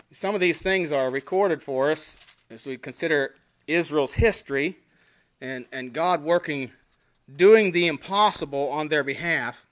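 High-voiced man preaching a sermon. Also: slow pace, pauses often. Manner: preaching with scripture readings in King James wording; swings between emphatic rises and quiet drops. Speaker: pastor.

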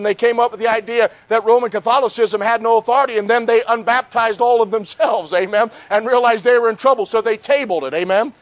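Middle-aged male evangelist, high voice, dry close sound, passionate lecturing preacher who calls for amens. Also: no room sound. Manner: passionate, peppered with "amen?". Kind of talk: history lecture sermon. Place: church conference.

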